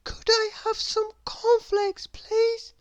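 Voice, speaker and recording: A woman reading aloud, voicing a timid, tiny man who pleads in a high, thin whisper. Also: lively intonation, slow pace, no room sound, lo-fi sound, heavily acted. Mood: pleading.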